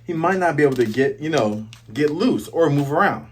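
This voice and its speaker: A man hosting a casual, jokey comic chapter review, recapping scenes with excited asides. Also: on the high side, brisk, breathy edge. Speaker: host.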